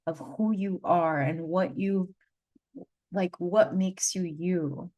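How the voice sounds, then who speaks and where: Low-pitched female spiritual guide, unscripted vlog storytelling, earnest and rambling, lots of "like" and repeats. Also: steady tone, slow pace, dark tone, highs cut off. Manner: rambling, heavy on "like", repeats phrases for emphasis; earnest, gushing. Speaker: spiritual guide and energy healer.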